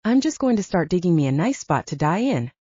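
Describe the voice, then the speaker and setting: A gloomy young fighter, read by a woman, speaks in a dry, resigned way. The voice sits low with a mellow tone, and the audiobook recording sounds dry and somewhat muffled. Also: very animated, a little fast, breathy edge, no echo. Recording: dull, dry, lo-fi.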